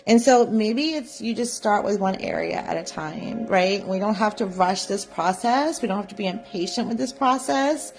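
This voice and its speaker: A woman teaching a live psychic development class, guiding listeners gently and often checking in with "right?". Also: mid-range voice, normal speed, hardly any pauses, faint music behind. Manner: gentle, coaxing, repeats "right?". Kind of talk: guided live class instruction.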